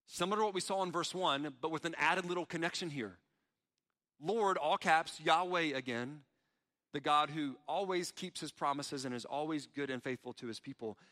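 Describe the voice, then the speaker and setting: A man preaching in a church sanctuary, his voice bright and forceful. His pitch sits a little high, and long reverb trails each phrase through the hall. He talks earnestly and voices pleading prayers. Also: normal speed. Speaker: pastor. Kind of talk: sermon.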